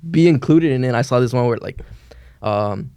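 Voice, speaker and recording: A man co-hosting a podcast, telling stories in an animated, slangy way and acting out quotes. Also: mid-range voice, normal speed, clean tone, dry recording. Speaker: podcast co-host. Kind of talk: casual storytelling chat.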